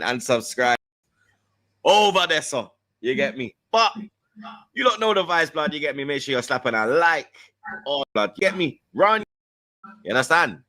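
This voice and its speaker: A man's voice: medium pitch, sharp tone. A man co-hosting a football show, bantering and teasing in heavy slang. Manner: slangy, teasing, tags lines with "blood".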